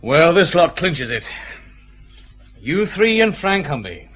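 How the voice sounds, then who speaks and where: A Scottish detective chief inspector. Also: male voice, fairly high pitch, very animated, takes it slowly, fairly bright tone, heavily acted. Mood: pressing. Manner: methodical, pressing, confident. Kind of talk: radio drama acting.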